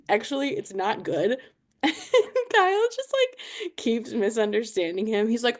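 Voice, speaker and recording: A woman's voice: on the high side, very animated, moderate pace, darkish tone. A woman co-hosting a podcast, retelling what happened casually and quoting others with emphasis. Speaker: podcast co-host. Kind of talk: casual recap chat.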